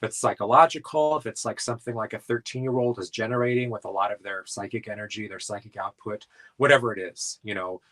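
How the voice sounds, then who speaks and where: A man's voice: lowish voice, fairly even intonation, fast, hardly any pauses, fairly bright tone, low-quality recording. A man from South Dakota, a paranormal investigator being interviewed, talking in a rambling casual way with lots of filler words.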